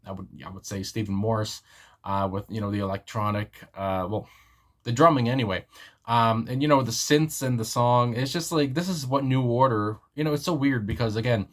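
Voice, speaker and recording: A man hosting a music reaction video, talking casually and rambling with lots of fillers and restarts. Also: on the low side. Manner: rambling, filler-heavy, frequent laughs. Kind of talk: casual song reaction commentary.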